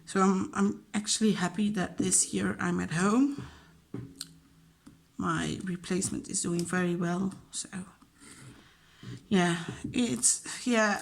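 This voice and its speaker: In a medium-pitched voice with vocal fry, a woman who teaches and whose first language is Dutch chats openly about her job. She is chatty and emotional, uses lots of fillers, and performs quoted lines as she tells them.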